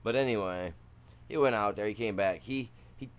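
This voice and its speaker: Easygoing Michigan man, low voice. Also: moderate pace, clear, resonant tone. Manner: rambling, slangy and easygoing. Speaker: game streamer. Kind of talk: casual gameplay chat.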